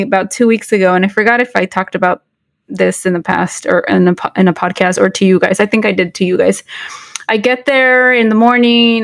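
A woman's voice: medium pitch, dry recording. Woman in her forties, chatty podcast co-host, dry close mic. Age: 40s. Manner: code-switching between English and Spanish, many fillers and restarts. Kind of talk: casual podcast chat.

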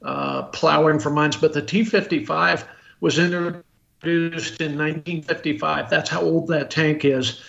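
Halting man on an echoey, muffled line. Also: on the high side, vocal fry, fairly bright tone. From United States. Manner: halting, full of restarts and fillers. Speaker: guest expert on military rifles. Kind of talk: podcast interview.

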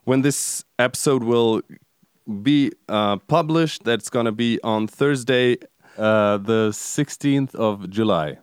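A man with a smooth, resonant voice introduces his guest's projects in a casual, halting way. The recording is dry and close, with no room sound. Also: mid-range voice, dry recording. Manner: hesitant, many ums and uhs. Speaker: podcast host. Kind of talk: casual interview hosting.

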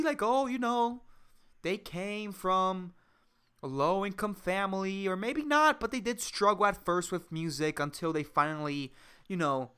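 A woman hosting a solo podcast, ranting sarcastically and swearing often, jumping between loud outbursts and low mutters. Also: unhurried, clean tone. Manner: profane, rambling and sarcastic, says dude a lot. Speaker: podcast host.

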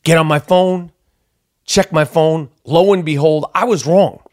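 A man's voice: a little high, unhurried. A man hosting his podcast, telling a story as a casual rant, swearing a lot and repeating himself for emphasis. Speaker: podcast host.

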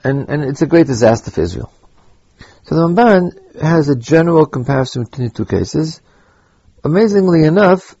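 A man teaching a Torah lesson, halting and repeating words as he thinks aloud, with Hebrew terms mixed in. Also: medium pitch, mellow, slightly rough, no echo, muffled recording. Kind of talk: spoken Torah lecture.

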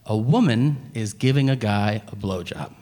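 A man performing a stand-up comedy set, animated and shouting out punchlines, on a club stage. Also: on the low side, normal speed. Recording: live club with long reverb and audience.

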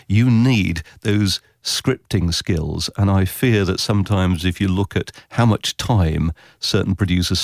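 Guy talking radio craft, animated, jumps into silly voices, dead dry sound. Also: dry recording. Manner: animated, quotes imagined voices with big pitch leaps. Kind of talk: interview answers.

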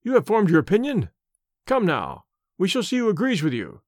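A man reading the part of a bluff police inspector, hearty and confident and quick to exclaim. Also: high voice, huge pitch swings, darkish tone, no room sound, clean studio sound, heavily acted. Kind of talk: audiobook character reading.

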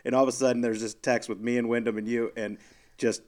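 A man's voice: medium pitch, little pitch movement, fast talker, darkish tone. A man who co-hosts a podcast and used to play golf professionally, telling his side of the story in casual, teasing banter. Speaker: podcast co-host, former golf pro.

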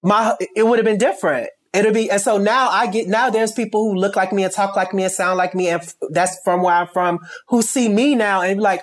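Interview guest: a stylist from Chicago with a Chicago accent, emphatic and rambling. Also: male voice, sits high, steady tone, a little fast, hardly any pauses. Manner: emphatic, rambling with many restarts. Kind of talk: candid interview talk.

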